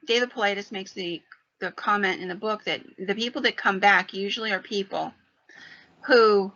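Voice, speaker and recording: Woman podcast host, paranormal storyteller; gravelly, lo-fi. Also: mid-range voice. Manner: animated retelling of a story. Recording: dull lo-fi sound.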